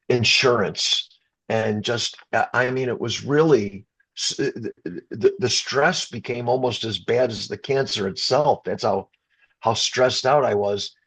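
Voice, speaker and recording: A middle-aged rock singer from the Chicago area, USA, speaks in a husky, medium-pitched voice. He tells an emotional story in an interview, stumbling, restarting, and getting choked up.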